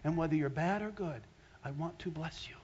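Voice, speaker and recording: A man's voice: fairly high pitch, a little fast, darkish tone, breathy edge, lo-fi sound. Older man preaching, conversational and emphatic. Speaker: pastor. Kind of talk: sermon.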